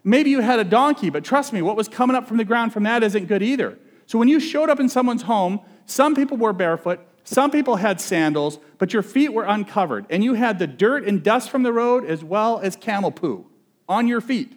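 Man, pastor, sermon, high voice, conversational, joking, asks the audience questions. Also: animated, brisk.

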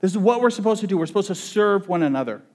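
Rapid-fire and high-voiced, a male pastor preaches with relaxed humor and a conversational tone. He keeps asking the audience questions.

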